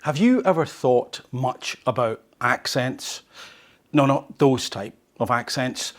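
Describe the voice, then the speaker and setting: A man's voice: mid-range voice, lively intonation, slow. A male podcast host who reads an article and comments on it, conversational and fond of rhetorical questions. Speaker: host of a language learning podcast.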